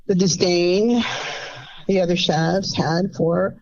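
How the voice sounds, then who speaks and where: A woman in her fifties calling in anonymously, telling her story in an animated, rambling way and acting out what others said. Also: fairly low pitch, takes it slowly, muffled recording. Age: 50s. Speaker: anonymous caller. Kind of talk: casual storytelling.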